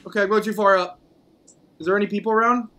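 A male gaming host giving live gameplay commentary, excitable, whooping and playfully taunting opponents. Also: high voice, fast talker.

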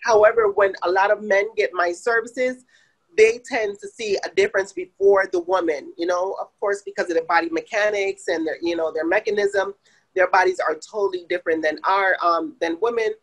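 A woman from Jamaica with a light Jamaican accent, a podcast guest who explains her spa services in a relaxed way with many fillers. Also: mid-range voice, brisk, breathy edge, poor audio. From Saint Andrew, Jamaica. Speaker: guest, med spa owner. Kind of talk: casual interview answers.

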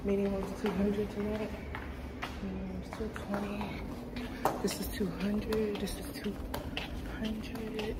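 A woman's voice: medium pitch, flat delivery, takes it slowly, pauses often, very noisy. A young woman vlogging from her car and her school, talking bluntly and cursing freely when annoyed. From Philadelphia area. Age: young adult. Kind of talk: casual vlog talk.

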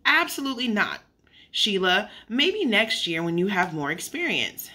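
Storybook mom, protective, gently firm, bright breathy tone, read by a woman. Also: mid-range voice, sing-song, moderate pace. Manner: soothing but firm.

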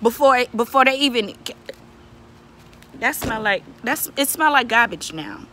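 A woman's voice: on the high side, animated, measured pace, sharp tone. A young woman vlogger ranting casually to camera, exasperated and profane, repeating herself for emphasis. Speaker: beauty vlogger reviewing a wig.

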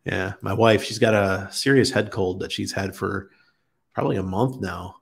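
A man's voice: deep voice, moderate pace, creaky, breathy edge. A man hosting a casual livestream, chatting easily with viewers and chuckling often as he reads their comments. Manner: relaxed, chuckles often, greets chat viewers by name. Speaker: crypto livestream host. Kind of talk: casual live-stream chat reading viewer comments.

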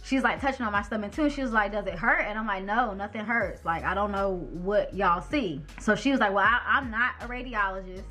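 A woman's voice: mid-range voice, a little fast, few pauses, soft background music. Chatty young woman telling a story. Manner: chatty and animated, acts out quoted voices. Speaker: vlogger. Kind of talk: candid storytelling to camera.

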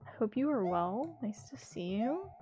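A woman streaming a platform game, chatting with her viewers, laughing a lot and yelling loudly when she fails. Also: on the high side, sing-song, moderate pace, faint music behind. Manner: chatty, laughs often, bursts into loud yells at failures. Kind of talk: casual live-stream commentary.

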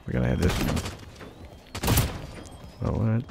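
A young man hosting a gaming video, giving casual commentary while he plays and loudly swearing at opponents. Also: low-pitched, fairly quick, gravelly. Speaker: gaming channel host. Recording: noisy home recording with game clicks.

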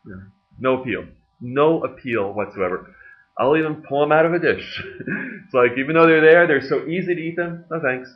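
Lively preaching man, lo-fi church tape. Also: mid-range voice, moderate pace. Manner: conversational preaching with jokes and laughs. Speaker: pastor. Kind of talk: sermon.

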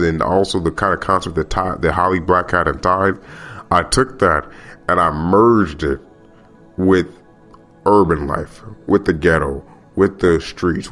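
Deep-voiced, passionate male podcast host. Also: fairly bright tone. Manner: passionate, repeats himself, rambling. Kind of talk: casual podcast monologue.

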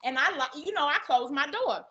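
High bright-voiced profane storyteller. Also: female voice, lively intonation, fairly quick. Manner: profane, dramatic storyteller who acts out both sides of arguments. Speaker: podcast guest. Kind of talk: animated storytelling in casual chat. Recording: muffled lo-fi podcast audio.

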